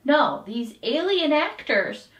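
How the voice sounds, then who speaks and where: A woman co-reviewing a haunted attraction in casual chat, animated and upbeat. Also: high voice, slow, distant mic, highs cut off. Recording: echoey room, a bit off-mic.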